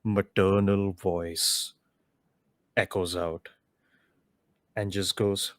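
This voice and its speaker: A man's voice: low-pitched, flat delivery, extremely slow, no room sound. A man narrating a tabletop game as dungeon master, casual and loose with many filler words.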